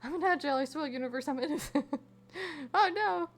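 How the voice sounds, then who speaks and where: A woman's voice: high-pitched, fast. A young woman streamer chatting casually with her viewers while crafting, reading chat aloud and giggling often.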